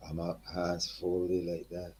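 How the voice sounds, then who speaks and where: A man's voice: sits low, takes it slowly, a little hiss or hum. An older man from Barbados, telling stories as an interview guest in a casual, colloquial way. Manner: animated, colloquial, leans on "man" and "you know". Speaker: guest, calypsonian. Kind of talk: storytelling in a sit-down interview. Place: living-room studio set.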